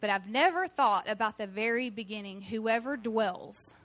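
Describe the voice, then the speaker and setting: A young adult woman giving a sermon, telling a personal story in a chatty, animated way with many fillers. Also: a little high, normal speed. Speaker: guest preacher.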